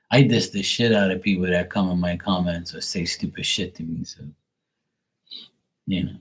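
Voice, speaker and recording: A man's voice: low voice, steady tone, moderate pace. A man hosting a livestream, chatting casually and bluntly with viewers and swearing freely. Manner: profane, blunt, talks back to viewers. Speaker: livestream host.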